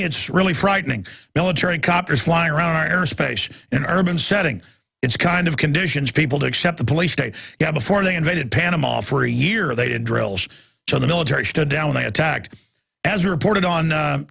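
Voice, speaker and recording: A male talk radio host rants in an indignant, emphatic monologue. His voice is fairly high, gravelly and raspy. Faint music plays behind him. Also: fairly bright tone.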